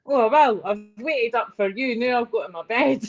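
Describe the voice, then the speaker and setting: A Scottish woman calling in for a casual chat, laughing often and talking in quick asides. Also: fairly high pitch. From Scotland. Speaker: caller. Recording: dull lo-fi call audio.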